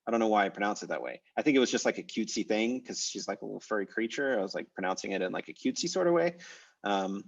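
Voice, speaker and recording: A man from the United States with an American accent teaches an online language class, talking in a chatty, rambling way with many fillers. His voice is lowish and creaky with lively intonation, and he speaks very fast. He sits far from the video-call mic, so the audio is muffled.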